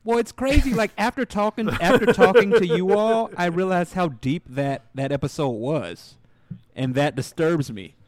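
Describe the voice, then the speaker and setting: A man appearing as a guest on a casual podcast, animated and joking. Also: high-pitched, normal speed, no room sound. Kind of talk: casual chat.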